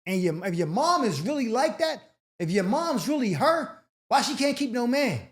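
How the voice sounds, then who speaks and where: A young man hosting an advice show, reading letters and riffing in slangy, animated casual talk, often acting out the people he quotes. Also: very high voice, normal speed.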